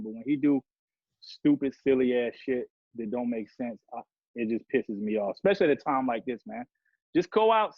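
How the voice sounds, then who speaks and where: A man's voice: mid-range voice, gravelly, dry recording. Heated profane man ranting on a podcast. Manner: heated, profane, rambling rant. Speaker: podcast guest rapper. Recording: dull lo-fi sound.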